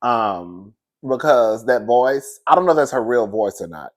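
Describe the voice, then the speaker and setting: Male gossip host, middle pitch, loose chatty delivery, laughs constantly. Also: lively intonation, measured pace. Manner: chatty, laughing often, calls listeners girl and baby. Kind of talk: casual gossip commentary.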